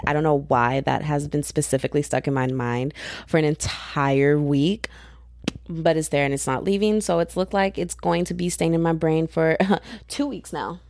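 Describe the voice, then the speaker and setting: A young woman from Texas hosting her own podcast in casual, rambling, slangy chat that keeps jumping up in pitch when she gets excited. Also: no echo, studio quality. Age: young adult. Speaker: podcast host.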